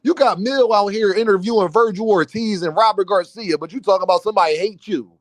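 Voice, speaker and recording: A man's voice: sits high, fast talker, no echo, clean studio sound. A man hosting a boxing live stream, ranting heatedly to his chat in slangy, insistent talk.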